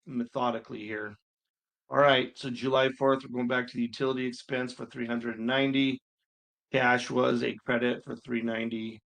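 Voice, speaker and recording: A male instructor talks his students through accounting homework in a relaxed, unscripted way. His voice sits at an ordinary pitch with a gravelly fry. He thinks aloud as he works and lets some mild exasperation slip through. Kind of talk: screen-recorded homework walkthrough.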